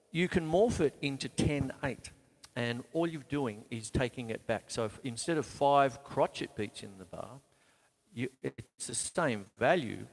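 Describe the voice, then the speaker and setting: An Australian drum teacher and show host runs a live lesson from his home studio with a drum kit, though his mid-range, creaky voice sounds like it's in a large hall. He's chatty and self-mocking, counting beats aloud between explanations.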